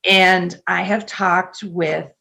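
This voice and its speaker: A woman's voice: fairly low pitch, fairly even intonation, drawn-out words, creaky, sharp tone. A middle-aged woman, a nurse, talking casually in an interview, chatty with frequent fillers and laughs. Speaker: nurse and podcast guest.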